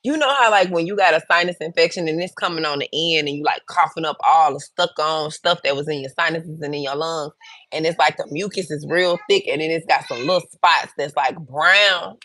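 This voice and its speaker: Fairly quick and a bit bright, this low-pitched woman's voice comes through with no room sound. As a livestream host, she's blunt, frank and chatty, addressing viewers head-on while offering advice and personal stories.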